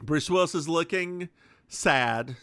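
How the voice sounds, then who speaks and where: A man with a rather high voice talks slowly while co-hosting a podcast. He casually recaps a TV episode in an animated way, putting on voices for quotes and swearing freely.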